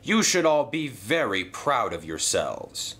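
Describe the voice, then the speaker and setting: A man's voice: mid-range voice, very animated, takes it slowly, a bit bright. A man voicing a formal, authoritative older male railway boss in a toy train story.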